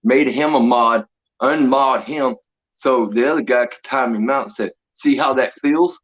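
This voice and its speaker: A man's voice: medium pitch, fairly even intonation, moderate pace, a bit bright, slightly rough. A man chatting casually on a livestream, laughing often as he tells rambling stories. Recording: dull lo-fi stream audio.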